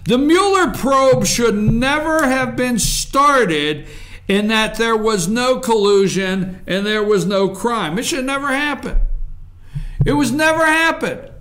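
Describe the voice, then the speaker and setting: A man's voice: very high-pitched, expressive, slow pace, fairly bright tone. A man hosting a political commentary show, ranting sarcastically and mocking people's voices.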